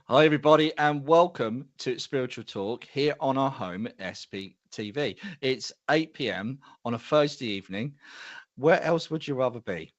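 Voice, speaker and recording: A man's voice: medium pitch, animated, moderate pace, dry recording, dull audio. A middle-aged man hosting a live show, chatty and self-deprecating as he greets viewers by name. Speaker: host.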